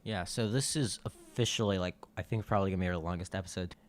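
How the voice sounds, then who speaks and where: A man's voice: low voice, fast, a little hiss or hum. A man co-hosting a podcast in casual chat, laid-back and teasing, reading out contact details. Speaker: podcast co-host.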